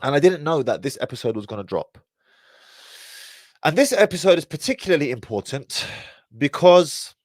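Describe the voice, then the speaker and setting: A man's voice: on the high side, moderate pace, no echo, clean studio sound. A man talking casually to his livestream viewers. He sighs often as he talks. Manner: animated, sighing often. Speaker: livestream host.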